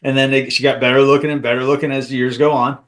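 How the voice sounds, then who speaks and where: A laughing man who swears freely as he co-hosts a podcast. His voice sits at an ordinary pitch, and the banter is loose and crude, full of jokey asides. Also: level tone, very fast, fairly bright tone. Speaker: podcast co-host.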